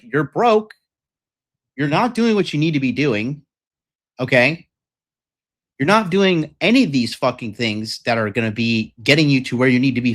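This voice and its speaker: A young man holds forth on a livestream in a blunt, profane, rambling way, stacking up fillers as he goes. His voice sits at an ordinary middle pitch. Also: fairly bright tone. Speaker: dating coach host. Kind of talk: livestream rant.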